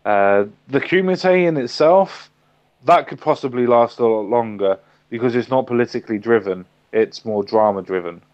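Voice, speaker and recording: British male co-host, casual joking chat, mid-pitched, dull stream audio. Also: normal speed, a little mellow. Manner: laughing, teasing banter. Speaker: livestream co-host.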